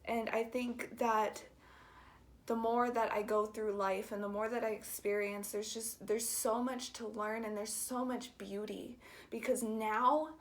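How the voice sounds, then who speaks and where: Soft-spoken young woman sharing a story. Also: a little high, level tone. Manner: soft, halting and heartfelt, drops into whispers. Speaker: vlogger. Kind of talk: personal storytelling.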